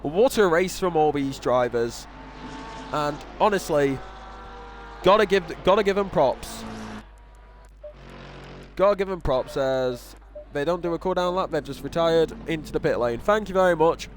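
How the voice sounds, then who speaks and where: A man's voice: fairly high pitch, lively intonation, measured pace, long pauses, a little hiss or hum. A young man with a northern English accent giving casual, rambling commentary on a sim racing series, with self-deprecating asides. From northern England. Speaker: race commentator.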